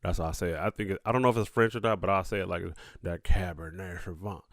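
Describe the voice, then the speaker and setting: A man's voice: low voice, very fast, fairly bright tone, no room sound, studio quality. A young man hosting a podcast alone, talking straight to his listeners in a profane, laughing, casual way. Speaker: podcast host. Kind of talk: casual solo podcast monologue.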